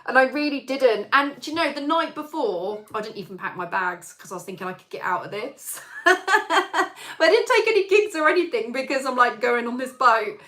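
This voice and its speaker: Chatty woman with a bright voice. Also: sits high, very animated, moderate pace. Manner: chatty, rambling storyteller with many fillers. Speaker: singer hosting a live chat stream. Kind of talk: casual live-stream chat.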